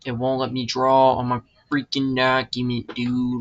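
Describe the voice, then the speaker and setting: A man's voice: medium pitch, completely flat delivery, measured pace. A young man, a college student, thinking aloud while he works, frustrated and cursing as he mutters to himself. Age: young adult. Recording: muffled lo-fi recording with background noise.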